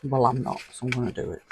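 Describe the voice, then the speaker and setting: A man's voice: medium pitch, dark tone, slight background noise, low-quality recording. A man, chatting casually to the viewer as he flips through an old magazine and chuckles often. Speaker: vlogger. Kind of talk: casual flip-through commentary.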